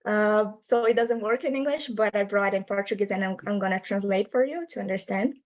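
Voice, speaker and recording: A woman's voice: medium pitch, brisk, a little mellow, low-quality recording. Young woman walking through her research on a video call, patient and explaining step by step, non-native english, medium voice. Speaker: linguistics researcher presenting a study. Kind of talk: academic presentation.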